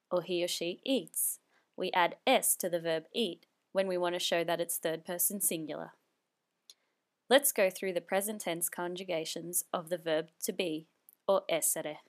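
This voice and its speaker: Woman, language teacher, slow, patient, slightly low voice, repeats phrases. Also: fairly even intonation. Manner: patient, explains clearly, repeats each phrase twice. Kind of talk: slow spoken language lesson.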